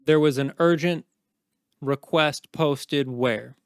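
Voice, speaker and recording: A man's voice: on the high side, takes it slowly, clean tone, no echo, clean studio sound. A man voicing a stern, intimidating knight commander who talks down to a subordinate in a cold, threatening way. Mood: stern, menacing.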